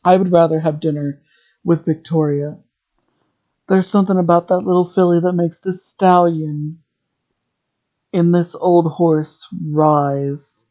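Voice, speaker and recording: The podcast host voicing a leering older male client, in a slow, leering manner. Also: mid-range voice, fairly even intonation, warm tone, highs cut off, lightly acted.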